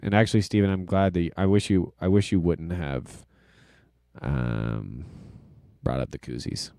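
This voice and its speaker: Low, smooth-voiced rambling streamer guy. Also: normal speed, warm tone, no echo, clean studio sound. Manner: rambling, filler-heavy, self-deprecating. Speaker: livestream host and music producer. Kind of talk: casual livestream chat.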